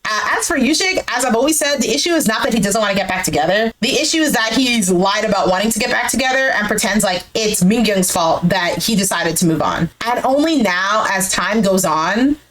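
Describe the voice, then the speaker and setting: A woman's voice: mid-range voice, animated, a little fast, hardly any pauses, fairly bright tone, low-quality recording. A woman giving a chatty, blunt recap of a show, filling her talk with "like" and swearing now and then. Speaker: recap creator reacting to a dating show. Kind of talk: casual recap commentary.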